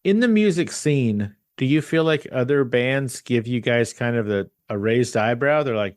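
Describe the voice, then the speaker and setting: A woman hosting a podcast, asking questions in a lively, curious way and laughing easily. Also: a bass voice, fairly quick, hardly any pauses, dry recording, clean studio sound. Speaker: podcast host. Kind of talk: casual interview chat.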